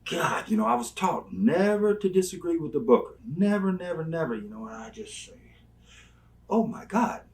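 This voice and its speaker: A man's voice: fairly high pitch, fairly quick, few pauses. An older man, an interview guest, telling rambling stories and acting out the people in them. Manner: rambling, animated, acts out quoted people. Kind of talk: storytelling. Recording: voice somewhat distant from mic.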